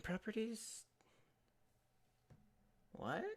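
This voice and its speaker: A woman talks over a video game in an unhurried drawl, cursing freely. She rambles and restarts her sentences as she goes. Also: mid-range voice. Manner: swears a lot, rambling and self-interrupting. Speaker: streamer playing a game. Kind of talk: casual gameplay commentary.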